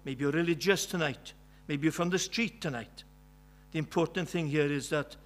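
A Welsh man preaching a sermon, earnest and emphatic, driving each point home by saying it twice. His voice sits a little high for a man. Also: fairly bright tone. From West Wales. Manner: earnest, emphatic with many repetitions.

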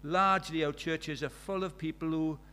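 Preacher, conversational, slightly high voice. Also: male voice, steady tone, normal speed, pushed and bright, smooth. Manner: conversational, with rhetorical questions. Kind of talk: sermon.

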